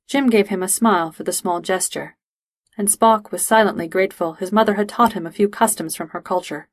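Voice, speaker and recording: Woman reading a fanfic out loud, steady and measured, mid pitch, dry audio. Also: no room sound. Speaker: reader. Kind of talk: reading fan fiction aloud.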